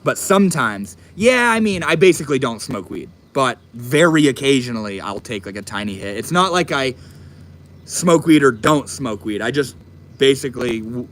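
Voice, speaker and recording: A young man casually chatting on a live stream, reading and answering chat messages in a relaxed, profane drawl. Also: medium pitch, a little hiss or hum. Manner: laid-back, swears often, drawls.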